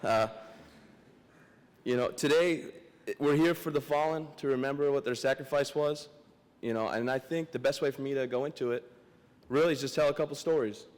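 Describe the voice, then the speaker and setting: A young man giving a memorial speech as a guest speaker, joking and self-deprecating, halting and emotional, close to tears. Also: medium pitch, a little mellow. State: emotional, teary. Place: large memorial hall. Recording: long hall reverb.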